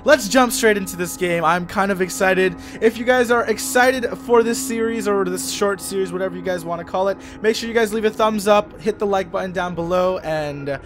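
A man playing a horror video game and commenting, excitable and quick to freak out. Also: high voice, music in the background. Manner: excitable, easily startled, chatty. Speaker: gaming youtuber. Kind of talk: let's play commentary.

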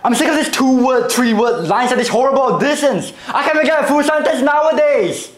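A man's voice: very high-pitched, lively intonation, brisk, reverberant. A man playing a frustrated actor who is sick of small parts and soap commercials, talking in an indignant, sarcastic way. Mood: angry. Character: frustrated male actor fed up with bit parts. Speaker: actor in a short film scene. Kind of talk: acting-class film scene.

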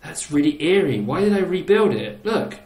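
A man's voice: fairly high pitch, sing-song, normal speed, a little mellow. A man hosting a casual gaming channel, giggling and teasing his old builds with playful exclamations. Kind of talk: casual gameplay commentary. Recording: roomy echo.

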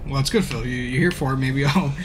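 A young man streaming a game, rambling, swearing and telling stories in animated bursts. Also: mid-range voice, quick pace, music in the background. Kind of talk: live-stream gameplay commentary.

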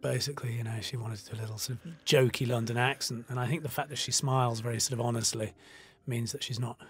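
A man's voice: medium pitch, steady tone, fast talker. A man from the United Kingdom talking through a film commentary in a loose, conversational way with many fillers. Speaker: film director.

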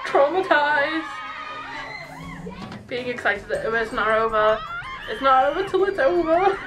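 A young woman hosting a reaction video, chatting excitably, laughing often and using slang. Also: sits high, measured pace, a crowd in the background, noisy background. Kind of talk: casual reaction commentary.

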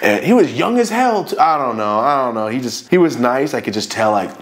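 A man casually telling a storytime story, animated and swearing, acting out the people in it. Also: medium pitch, fairly quick. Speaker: storyteller vlogger.

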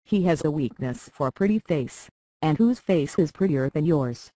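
A reader doing a smooth, scheming lord. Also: medium pitch, no room sound, close to an everyday voice, rough recording. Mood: calculating. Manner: calm, measured, persuasive. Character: scheming middle-aged lord, smooth, calculating father. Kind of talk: audiobook character reading.

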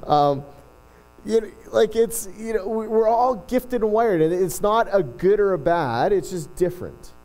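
Middle-aged male pastor, relaxed storytelling sermon, light voice, faint electrical hum. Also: high voice, unhurried, low-quality recording. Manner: chatty, self-deprecating, frequent restarts. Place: church.

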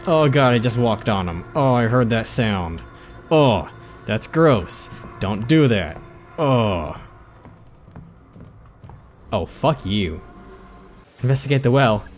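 A man narrates his own horror playthrough, muttering to himself and cursing whenever something jumps out. His pitch rises and falls a lot, and faint game music plays underneath. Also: expressive, takes it slowly, long pauses. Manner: jumpy, swearing, talking to himself. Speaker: let's play commentator.

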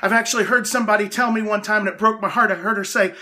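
A man, a hospice chaplain, preaching a devotional sermon in an earnest, emotional way and raising his voice as he gets excited. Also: high voice, very fast.

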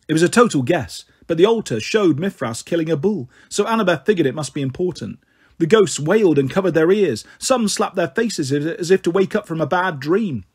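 A man narrating a storybook in a steady, even manner. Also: a little high, brisk, breathy edge. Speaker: audiobook reader.

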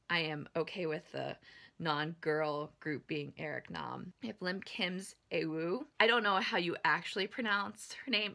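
Gravelly, hoarse young woman vlogger. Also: lowish voice, pushed and bright. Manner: rambling, lots of ums and likes, self-correcting. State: losing her voice. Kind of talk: casual unboxing chat.

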